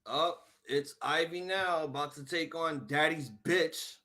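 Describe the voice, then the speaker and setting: A man hosting a live wrestling reaction stream, ranting angrily and swearing, swinging from muttering to shouting. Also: on the high side, a little slow. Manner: angry, profane ranting.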